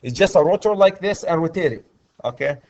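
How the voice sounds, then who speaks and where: A man's voice: on the high side, expressive, brisk, darkish tone. Man lecturing a class, dull recording. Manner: repetitive, checks in with students often. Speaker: electrical instructor.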